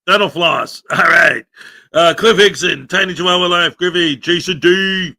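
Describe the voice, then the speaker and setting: A man hosting a live stream, upbeat and shouty as he greets chatters by name. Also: high-pitched, unhurried. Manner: upbeat, shouty, reads out chat names. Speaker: livestream host. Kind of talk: casual live-stream chat.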